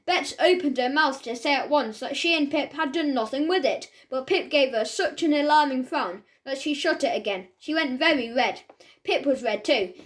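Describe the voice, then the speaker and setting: High-voiced woman reading a children's story. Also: normal speed. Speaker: audiobook narrator.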